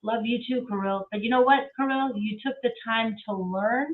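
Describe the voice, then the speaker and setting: A woman's voice: fairly high pitch, moderate pace, a little hiss or hum. Woman guest, effusive, repeats herself for emphasis, tinny call audio, distant. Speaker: guest speaker. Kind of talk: casual talk-show conversation. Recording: tinny remote call from far off.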